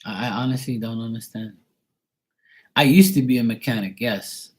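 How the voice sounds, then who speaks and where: Man, rambling rant, profane, heated, repetitive, mid-pitched voice. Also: normal speed. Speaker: vlogger.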